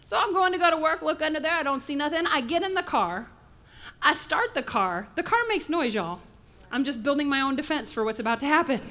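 A woman preaching a sermon, an animated storyteller who acts out voices and sound effects. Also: high voice, brisk.

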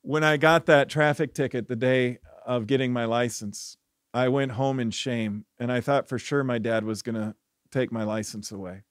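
A man's voice: medium pitch, normal speed, no echo. Earnest male pastor, dry close sound. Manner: earnest storytelling, rising when animated, dropping soft for reflection. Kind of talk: devotional sermon.

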